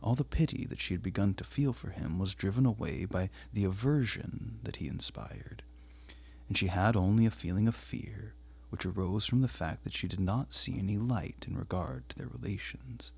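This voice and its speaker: A man narrating a classic novel as an audiobook reader, with a measured, deliberate reading. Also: fairly low pitch, vocal fry, a little mellow, slightly rough.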